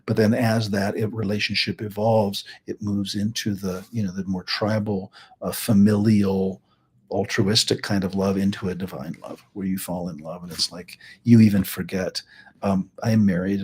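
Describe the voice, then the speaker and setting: A man's voice: fairly low pitch, a little mellow, husky. A middle-aged man hosting a live teaching talk, chatty and rambling, with joking asides. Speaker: host and healing practitioner.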